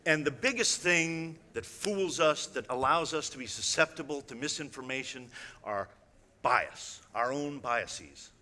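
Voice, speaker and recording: A man's voice: mid-range voice, animated, measured pace, pushed and bright. A man, an illusionist, addressing a live audience on stage in a chatty, wry way with frequent direct asides. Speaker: illusionist giving a talk. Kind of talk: conversational stage presentation. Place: large hall on stage. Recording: long hall reverb.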